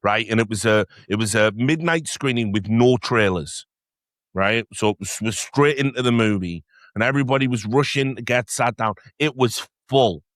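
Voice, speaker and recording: A man from England tells an anecdote in casual podcast chat, restarting his sentences and swearing freely. His voice sits at an ordinary middle pitch. The recording is close and dry. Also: dry recording. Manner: storytelling, profane, halting restarts. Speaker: podcast co-host. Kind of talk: casual film-talk chat.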